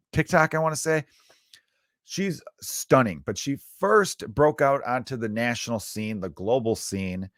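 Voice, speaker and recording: Riffing man with a low, dry voice. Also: fairly bright tone, dry recording. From Chicago area, United States. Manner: crude, riffing, self-interrupting with asides. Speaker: comedian and podcast host. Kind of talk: rambling comedic monologue.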